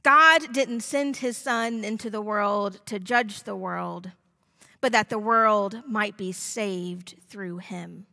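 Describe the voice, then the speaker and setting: A woman pastor preaching a sermon in a measured, deliberate way. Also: mid-range voice, gravelly, pushed and bright, in a large hall.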